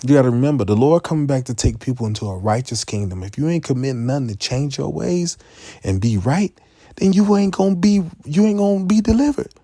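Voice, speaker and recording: A man giving a profane, impassioned street-preaching rant, full of stammered restarts and sudden rises to near-shouting. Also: mid-range voice, a little fast, no echo.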